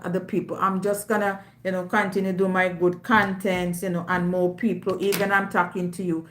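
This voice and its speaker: A Jamaican woman hosting a live stream, talking in a loud, emphatic, forthright way. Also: lowish voice. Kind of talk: casual live-stream chat. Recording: roomy echo.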